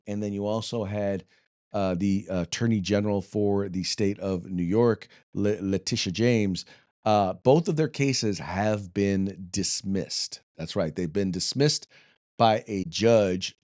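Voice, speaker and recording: A man's voice: on the low side, a little mellow, no room sound, studio quality. An American man hosting a political commentary show, talking loosely with jokes, fillers and restarts. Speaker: podcast host.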